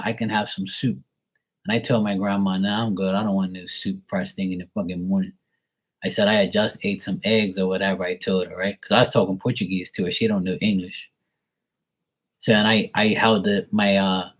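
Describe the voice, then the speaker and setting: A man telling a rambling family story casually, crude and full of filler words. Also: fairly low pitch. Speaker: tarot reader.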